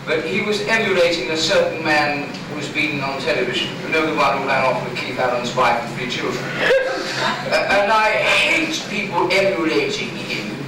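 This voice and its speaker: A man's voice: fairly high pitch, normal speed. A man telling a chatty comic story on a small club stage, recorded from across the room. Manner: chatty, animated, voices people in his stories. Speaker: comic performer. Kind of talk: stand-up storytelling. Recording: far-off echoey live room recording, loud background noise.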